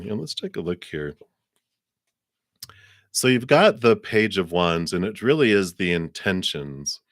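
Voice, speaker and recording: Male tarot reader on a live stream, low voice, chatty and reflective, dry close sound. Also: a bit bright, no room sound. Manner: chatty, reflective, frequent fillers and restarts.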